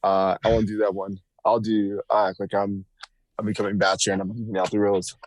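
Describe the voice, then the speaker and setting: A man putting on an exaggerated deep voice as an eager new bachelor, with a halting impression. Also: level tone, no room sound, natural voice, low-quality recording. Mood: mock excited.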